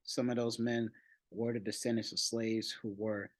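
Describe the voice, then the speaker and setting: A man hosting a channel, reading an online article aloud and adding his own comments, unhurried, with frequent restarts and fillers. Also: medium pitch, flat delivery, dry recording, poor audio. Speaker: channel host.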